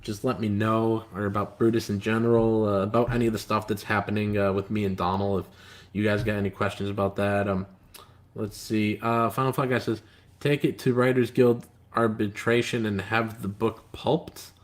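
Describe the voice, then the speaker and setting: A man's voice: lowish voice, flat delivery, moderate pace. A man hosting a casual live stream, reading viewer comments aloud and talking in a rambling, hesitant way with lots of filler words and an aggrieved, complaining tone. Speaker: comic book writer and live stream host.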